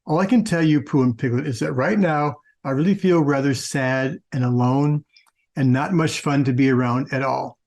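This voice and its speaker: A man's voice: mid-range voice, normal speed, darkish tone, close to an everyday voice. A man voicing a glum, lonely male donkey in a storybook reading, downcast in manner.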